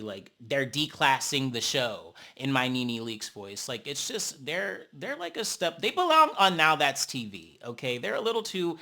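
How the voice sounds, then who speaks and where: A man giving a sassy, excitable recap of a reality show episode, gasping and cheering at the fights and calling people "honey". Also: fairly high pitch. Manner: breaks into gasps and cheers at fights. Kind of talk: casual episode recap commentary.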